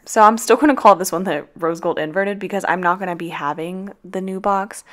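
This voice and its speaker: A woman, groggy from just waking up, chatting casually in a vlog voiceover and swearing now and then. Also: lowish voice. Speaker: planner vlogger.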